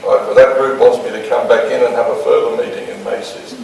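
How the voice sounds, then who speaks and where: A man's voice: medium pitch, fairly even intonation, fast, vocal fry, a little mellow, distant mic. A man from Australia with an Australian accent, a pastor telling a humorous story in a sermon and acting out the dialogue. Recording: echoey hall, mic from afar, faint noise.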